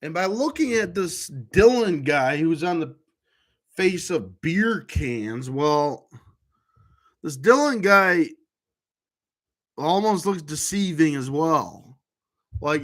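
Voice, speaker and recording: A man's voice: a little high, a bit bright. A man vlogger talking in a rambling monologue to camera, full of restarts and trailing fillers.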